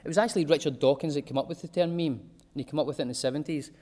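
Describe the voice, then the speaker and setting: A man's voice: fairly high pitch, rapid-fire, warm tone. A man giving an informal talk to a small group, chatty and digressive, with homely examples.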